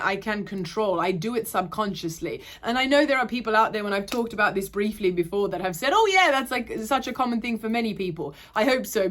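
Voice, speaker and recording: A woman's voice: fairly high pitch, fairly bright tone. A young woman with an Australian accent that drifts towards Irish, chatting casually and rambling in a home vlog to camera. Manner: chatty, rambling, loses her train of thought. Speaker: vlogger. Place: at home, indoors.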